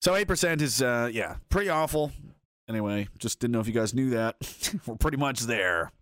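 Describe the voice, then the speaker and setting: A man's voice: mid-range voice, expressive, brisk, fairly bright tone, no room sound, studio quality. A man hosting a live stream, reading out chat and rambling in a casual, profane way while laughing often.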